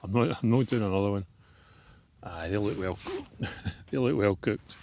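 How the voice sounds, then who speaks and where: A man's voice: lowish voice, normal speed, vocal fry, darkish tone. A Scottish man vlogging casually from an outdoor forest campsite, thinking aloud in an easygoing, rambling way. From Scotland. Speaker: camping vlogger. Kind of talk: casual solo vlog chat.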